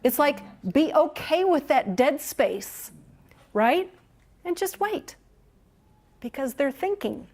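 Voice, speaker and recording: A woman running a training session for museum tour guides, speaking in a fairly high voice. She is animated and encouraging, and she laughs easily between her points. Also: slow, pauses often. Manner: lively, encouraging, laughs often. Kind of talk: training workshop talk.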